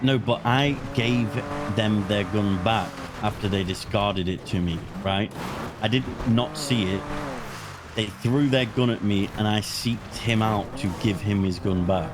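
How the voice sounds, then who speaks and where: A man's voice: lowish voice, unhurried, noisy background. British man swearing through a story. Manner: swearing, storytelling, animated retelling. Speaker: police officer in role-play. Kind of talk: in-character role-play chat.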